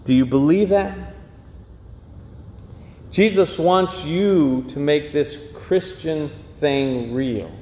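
A man's voice: on the high side, darkish tone. A man preaching a sermon as pastor, earnest and given to repeating phrases. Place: church. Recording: echoey church hall.

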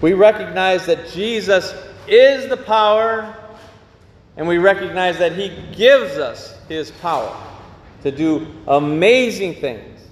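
A male pastor preaches slowly and earnestly, his voice set a little high. He repeats his phrases for the congregation, and the church rings with a long, roomy echo. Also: animated. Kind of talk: sermon. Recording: echoey church hall.

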